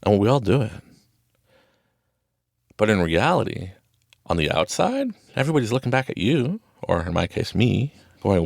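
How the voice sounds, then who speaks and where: A man's voice: fairly low pitch, big pitch swings, moderate pace, creaky, pauses often, dry recording, clean studio sound. A man hosting a podcast, talking through a casual, rambling motivational monologue from a small closet and laughing often. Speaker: podcast host.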